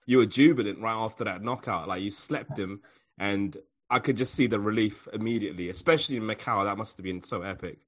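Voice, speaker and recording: Man, interview host, low voice, eager reactions, casual. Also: fairly quick.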